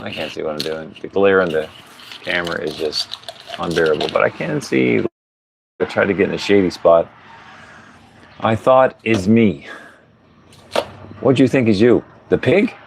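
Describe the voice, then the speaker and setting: Male host, very low and gravelly, loose rambling livestream chat, chuckles a lot, faint outdoor hiss. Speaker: podcast host. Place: outdoors at a tiny home under construction, pigs nearby.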